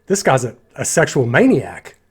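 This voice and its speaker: A man giving a casual spoken film critique, critical and animated, acting out lines of dialogue in his own voices. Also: medium pitch, moderate pace, slightly rough. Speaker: movie reviewer.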